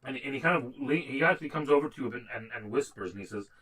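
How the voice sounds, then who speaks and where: Man narrating as dungeon master, halting. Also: mid-range voice, expressive, fairly bright tone, slightly rough, low-quality recording. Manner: halting, with many fillers and restarts. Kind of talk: narrating a tabletop game.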